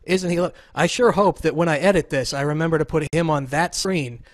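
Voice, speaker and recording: Joking podcast host, slightly high voice. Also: male voice, brisk, no echo, studio quality. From Southern Illinois. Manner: joking, rambling, self-deprecating. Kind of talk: casual chat. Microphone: remote call setup.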